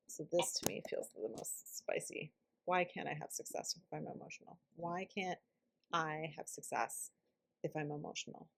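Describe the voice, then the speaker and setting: A woman's voice: on the low side, gravelly, a little hiss or hum. A woman guiding a self-help tapping session, speaking reflectively and dropping to a whisper on some phrases. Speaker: EFT tapping practitioner.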